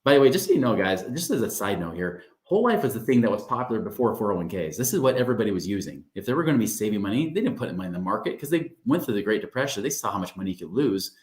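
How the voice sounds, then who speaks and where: In an echoey room, a financial coach gives a webinar in a lowish, slightly mellow voice, very animated and racing with few pauses. He's upbeat and conversational, constantly checking in with "right?" and calling his listeners "guys."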